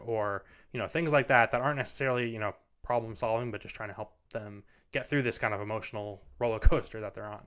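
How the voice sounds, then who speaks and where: A man's voice: lowish voice, steady tone, fast talker, hardly any pauses, a bit bright, smooth. Earnest man rambling with "you know"s. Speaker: parenting video host. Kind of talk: casual advice talk. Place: standing in front of a mic. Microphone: studio microphone.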